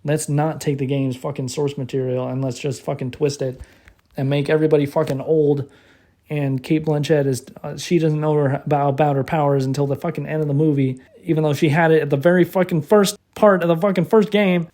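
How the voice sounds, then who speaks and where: A man retells a film's plot in a loose, rambling way, swearing constantly and stumbling over restarts. His voice sits a bit high but sounds soft and mellow. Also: level tone, brisk. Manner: profane, rambling, many restarts and fillers; laughs while retelling. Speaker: movie reviewer. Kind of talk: casual rambling movie recap.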